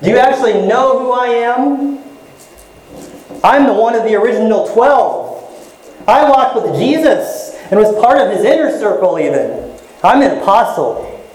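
A man's voice: high voice, fairly even intonation, slow pace, a little mellow, pitched above the performer's own voice. A man voicing an indignant, boastful apostle who takes offense. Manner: boastful, affronted. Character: indignant proud male apostle. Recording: very echoey hall.

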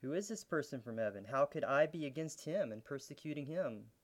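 A man preaching a sermon as a pastor, teaching in an earnest way with soft laughs and growing intensity. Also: on the high side, lively intonation, a little fast.

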